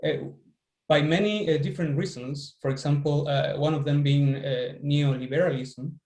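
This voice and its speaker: A man with a Chilean Spanish accent hosts a conference discussion over a video call. His voice sits a little high and he speaks hesitantly, with many ums and restarts. The room around him is echoey. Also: steady tone, normal speed, a little mellow. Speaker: conference host.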